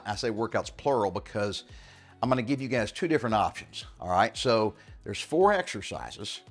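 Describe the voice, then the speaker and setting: A man over fifty coaching a home cardio workout in a casual, chatty way, often checking in with "all right?", a bit out of breath while he exercises. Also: lowish voice. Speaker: fitness coach.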